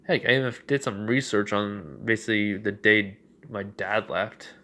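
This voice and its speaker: A man's voice: lowish voice, fairly even intonation, normal speed, bright, forceful tone. A young man casually narrating a fan story, rambling with many fillers and self-corrections.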